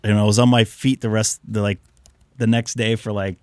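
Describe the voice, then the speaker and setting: This is a casual ham radio live stream where the male host rambles, jokes, and tells stories as he loses his voice a bit. His fairly low voice stays level and a little mellow at a moderate pace, captured in a dry recording.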